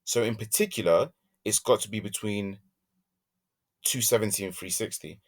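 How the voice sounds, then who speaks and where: A man teaching a maths lesson, working through examples step by step and thinking aloud as he goes, humming softly while he draws graphs. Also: on the low side, normal speed.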